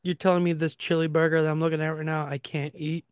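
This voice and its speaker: A man's voice: a little high, flat delivery, fast, smooth, no room sound. A man co-hosting a podcast, joking around in a playfully indignant way. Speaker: podcast co-host. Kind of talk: casual podcast chat.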